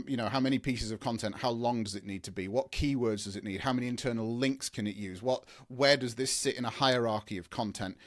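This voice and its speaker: Male guest expert, enthusiastic rambling explainer, restarts often, mid-pitched. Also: fairly bright tone. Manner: enthusiastic, rambling, frequent restarts and long lists. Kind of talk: conversational explaining in an interview.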